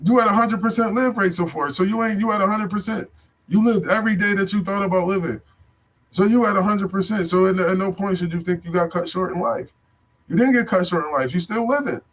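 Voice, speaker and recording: A man's voice: sits high, a little fast. Preachy man in slang-heavy street talk. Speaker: vlogger. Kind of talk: unscripted motivational talk.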